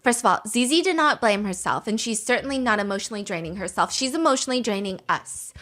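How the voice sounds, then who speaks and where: A woman's voice: medium pitch, animated, fast talker, fairly bright tone. A young woman hosting a podcast, retelling reality dating drama in a sarcastic, gossipy, casual way and acting out what people said. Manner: gossipy and sarcastic, acts out quotes. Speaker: podcast host recapping a dating show. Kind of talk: casual storytelling chat.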